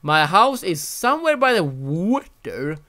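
A man doing let's-play gameplay commentary, talking to himself with animated, exasperated exclamations. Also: high voice, a little slow. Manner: animated, exasperated self-talk with frequent exclamations. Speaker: gaming channel host.

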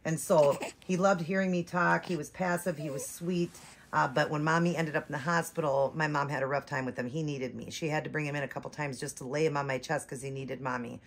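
A woman's voice: low voice, fairly even intonation, fairly quick, slight background noise. A woman in her forties chatting to viewers, telling a long rambling story. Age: 40s. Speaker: reborn doll vlogger. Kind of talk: casual chat to viewers.

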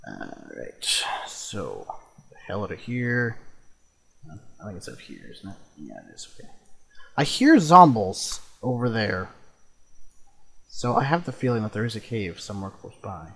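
A young man casually commenting on his own gameplay, chatty and quick to swear and exclaim. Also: lowish voice, very animated, creaky, fairly bright tone, slight background noise. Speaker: let's play host.

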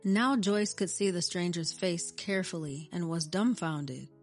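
Low-voiced woman narrating a story. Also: measured pace. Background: faint music.

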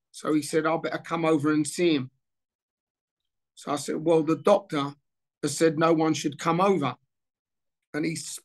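Man in his sixties, higher-pitched voice, animated storyteller. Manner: animated storyteller acting out dialogue. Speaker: former footballer interviewee. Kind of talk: casual anecdote telling.

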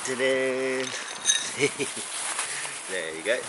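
A man's voice: medium pitch, lively intonation, very slow. A man, narrating a casual vlog outdoors in the rain while feeding pigeons, chatting fondly and laughing often as he calls the birds over. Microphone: handheld camera. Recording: outdoor camera audio with street noise.

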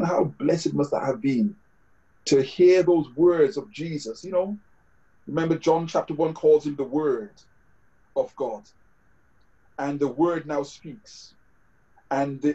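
A man's voice: on the high side, warm tone, poor audio. A man with a British accent preaching a sermon over a video call, conversational, with scripture quotes and fillers. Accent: British English.

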